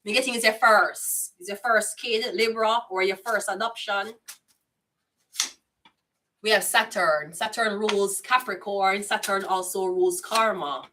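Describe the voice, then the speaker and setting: Jamaican woman, casual tarot reading, blunt patois chatter, sharp voice, distant from mic. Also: medium pitch, a little hiss or hum. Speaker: tarot reader.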